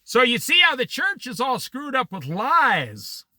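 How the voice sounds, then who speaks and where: Here the man in his sixties leading a Bible study goes a little slow. His voice is lively, swooping, high for a man, and very bright and cutting as he wanders into opinionated, animated stories. The recording is dry, with almost no room sound.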